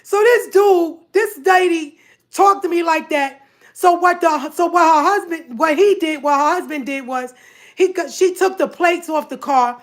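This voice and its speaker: High-voiced woman telling a story, animated. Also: unhurried. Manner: animated, repeats herself, quotes others in dialogue. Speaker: vlogger telling a personal story. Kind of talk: casual storytelling.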